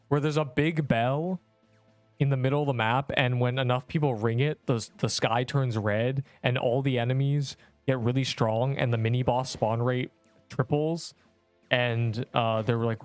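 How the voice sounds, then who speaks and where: A man at an ordinary middle pitch talks loosely through a game stream, slangy and rambling, dropping "bro" into nearly every thought. The sound is dry and close, with faint music underneath. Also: fairly even intonation, normal speed, no echo. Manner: rambling, slangy, says "bro" a lot, swears casually. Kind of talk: casual gameplay livestream commentary.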